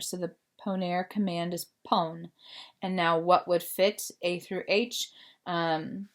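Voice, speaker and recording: A woman teacher explaining a grammar lesson to her students, patient and full of fillers. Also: lowish voice. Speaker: Spanish teacher. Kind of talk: recorded remote class lesson.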